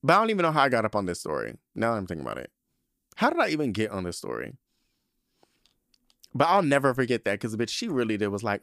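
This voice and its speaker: A man's voice: mid-range voice, quick pace, vocal fry, long pauses, no room sound, clean studio sound. A man in his thirties hosting a podcast, telling a story in a sassy, campy way with lots of swearing. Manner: sassy, animated, campy drag-queen banter with swearing. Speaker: podcast host. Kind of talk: casual storytelling monologue.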